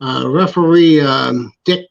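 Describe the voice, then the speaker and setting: Animated storytelling man, slightly muffled. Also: on the high side, takes it slowly, vocal fry. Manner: animated storyteller acting out quotes. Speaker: podcast co-host, former wrestler. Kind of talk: casual storytelling chat. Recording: slightly dull lo-fi sound.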